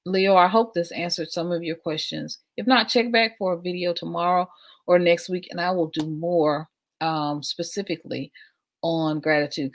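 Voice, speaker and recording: Middle-aged woman, low voice, gravelly fry, casual livestream host, affirming, repeats herself, laughs often. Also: fairly even intonation, normal speed. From United States.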